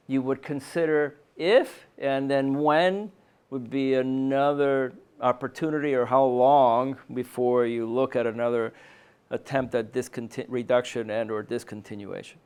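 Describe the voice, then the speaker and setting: A man's voice: medium pitch, vocal fry, smooth. A man presenting a medical talk to a panel of clinicians, speaking conversationally and often checking in with his listeners. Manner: conversational, frequent "um" and "right?" tag questions. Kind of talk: conference lecture. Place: meeting room.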